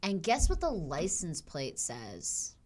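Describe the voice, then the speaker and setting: A woman's voice: fairly low pitch, wildly swooping pitch, slow, a little mellow. Candid, crude young woman hosting a podcast. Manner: candid, crude, laughs often. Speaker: podcast host. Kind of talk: casual podcast chat.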